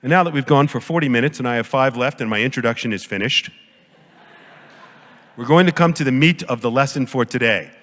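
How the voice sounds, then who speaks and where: A man giving a conference lecture as a professor, lively and jokey, often acting out quoted voices. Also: fairly quick. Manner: animated, jokey, acts out quotes with big pitch jumps. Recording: long hall reverb.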